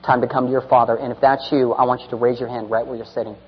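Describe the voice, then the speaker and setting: Preacher in a big echoing hall. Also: male voice, mid-range voice, flat delivery, rapid-fire, breathy edge. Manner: swings from loud urgent preaching to hushed near-whispered storytelling. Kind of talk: sermon with altar call. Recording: dull reverberant hall sound.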